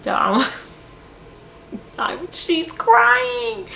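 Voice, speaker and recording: A woman's voice: mid-range voice, very animated, measured pace, long pauses, fairly bright tone, slight background noise. A woman hosting a book vlog, chatting casually to camera with playful, exasperated humor and frequent laughter. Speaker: book vlogger host.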